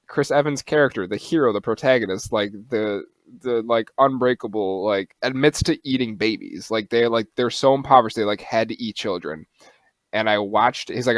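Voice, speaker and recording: A young man co-hosting a podcast, chatting casually, animated and quick to swear and laugh. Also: fairly low pitch, no room sound. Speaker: podcast co-host. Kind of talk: casual chat.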